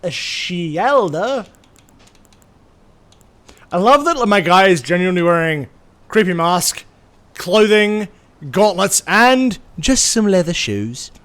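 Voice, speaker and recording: A man's voice: high voice, big pitch swings, a little slow, fairly bright tone. A man streaming a game live, chatting playfully with viewers in a rambling, sing-songy way. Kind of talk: casual live-stream chat.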